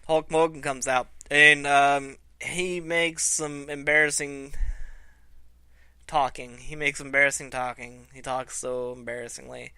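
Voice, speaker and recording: Casual male wrestling vlogger, foul-mouthed and animated, smooth, unhurried, dry. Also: medium pitch, no room sound. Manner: profane, animated storytelling. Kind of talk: casual commentary.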